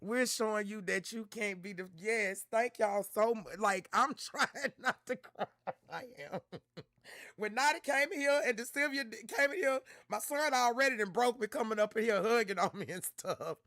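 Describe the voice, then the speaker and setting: A woman's voice: on the high side, moderate pace, few pauses, a bit bright, no echo, studio quality. A woman hosting a casual livestream, talking candidly and from the heart to her chat in slangy everyday speech. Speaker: livestream host reacting to content.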